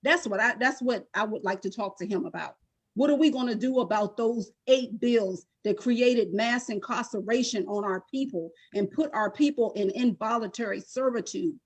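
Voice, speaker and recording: A woman's voice: a little high, normal speed, slightly rough. A middle-aged woman, a guest on the show, giving emotional personal testimony in an impassioned, emphatic way.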